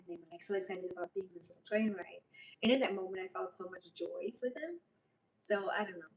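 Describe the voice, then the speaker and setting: A woman chatting on a livestream, rambling and emotional. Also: mid-range voice. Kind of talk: casual livestream chat reading comments. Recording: voice a bit far from mic, faint noise.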